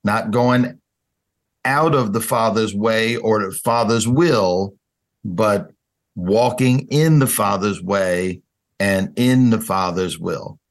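A man teaching a Bible study in a calm, conversational way. His voice sits low and moves slowly, and he often pauses with fillers or starts a phrase over. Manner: unhurried, with frequent fillers and restarts.

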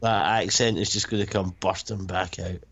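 A man's voice: deep voice, steady tone, normal speed, fairly bright tone, muffled recording. A man co-hosting a casual movie commentary, dropping dry, sardonic quips. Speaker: podcast commentary co-host.

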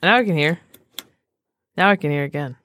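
A woman's voice: low-pitched, brisk, a bit bright, a little hiss or hum. A woman co-hosting a podcast, chatting casually and joking with frequent laughs. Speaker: podcast co-host. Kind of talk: casual chat.

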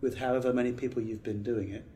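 With a warm, medium-pitched, steady voice and a quick pace, a middle-aged British pastor gives an earnest, emphatic training talk on preaching. He speaks conversationally with restarts, and a little hiss or hum can be heard.

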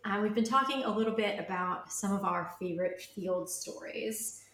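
A woman's voice: medium pitch, normal speed, fairly bright tone. A woman hosting a podcast, introducing guests in an upbeat, easy way. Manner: upbeat, easy, laughs along. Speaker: podcast host. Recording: roomy echo with faint noise.

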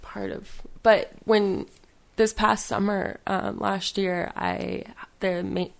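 A woman talking casually as a podcast guest, rambling and halting with many fillers and restarts. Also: medium pitch, little pitch movement, vocal fry. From western United States. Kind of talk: casual conversation.

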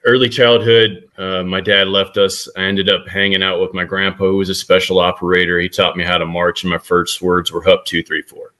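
Bright-voiced man in his forties. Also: low-pitched, little pitch movement, fairly quick, few pauses. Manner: upbeat and self-mocking. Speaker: guest author, military leader. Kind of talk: interview storytelling.

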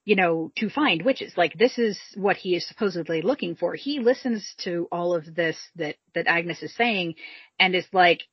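A woman's voice: lowish voice, moderate pace, slightly rough, no room sound. A woman co-hosting a casual history chat, chatty, with lots of fillers. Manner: chatty, many fillers, acts out quotes. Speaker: podcast co-host. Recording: dull, dry close mic.

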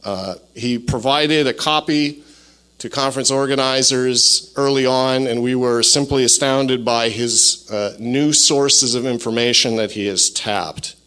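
A man gives a formal introduction of a guest speaker at a conference, stopping now and then on "uh." His voice is bright and clear. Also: mid-range voice, steady tone, measured pace. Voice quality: reads with "uh" fillers.

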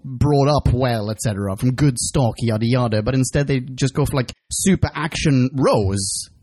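A man's voice: medium pitch, normal speed, darkish tone, a little hiss or hum. A man co-hosting a casual podcast chat, rambling and correcting himself as he talks, with the odd swear word. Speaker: podcast co-host.

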